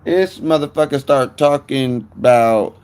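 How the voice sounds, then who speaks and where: A man's voice: medium pitch, measured pace, a little mellow, smooth. A man telling a rambling, profane story to viewers on his phone stream.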